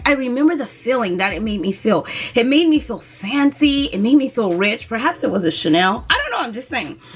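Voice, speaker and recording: A young woman chatting animatedly in a casual beauty vlog, sometimes lilting in a sing-song way, recorded indoors at home on her camera mic. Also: sits high. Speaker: beauty and lifestyle vlogger.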